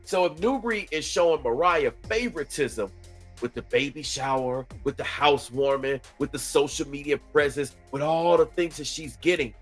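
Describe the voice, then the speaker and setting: A man's voice: on the high side, moderate pace, faint music behind. Indignant man preaching at his viewers. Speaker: commentator reacting to a video. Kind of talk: critical reaction commentary.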